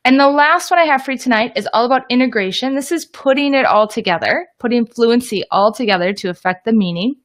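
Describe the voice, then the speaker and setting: A woman's voice: a little high, fast talker, hardly any pauses. A woman explaining reading lessons to teachers in an upbeat, direct teaching talk. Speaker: teacher trainer.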